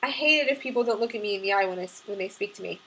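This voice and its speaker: A woman reading the lines of a cocky young male neighbor who teases coolly, in a husky voice. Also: mid-range voice, rapid-fire, a bit bright, low-quality recording. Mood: teasing. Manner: cool, teasing banter.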